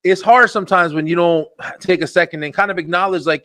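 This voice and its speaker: A man with a New Jersey accent hosting a web show over a video call, talking fast and excitably with lots of slang and fillers. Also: a little high, dry recording. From Elizabeth, New Jersey. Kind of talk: casual interview chat.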